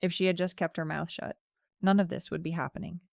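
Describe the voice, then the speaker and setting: A woman's voice: fairly low pitch, fairly even intonation, brisk, gravelly, a little mellow, no echo, studio quality. A young woman narrating a first-person story in a casual, chatty way, with lots of "like" fillers.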